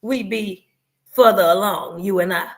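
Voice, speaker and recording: A woman in her forties co-hosts a podcast, speaking a little slowly in a medium-pitched voice. Her casual chat is candid and emphatic, sometimes turning preachy.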